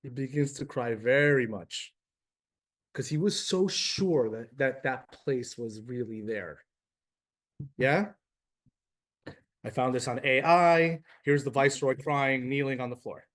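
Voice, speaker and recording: A man's voice: mid-range voice, slow, pauses often. A man teaching a religious class to a live and online group, casual and emotional, talking straight to his students. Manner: animated, emotional, addresses class directly. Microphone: live class also streamed to video call.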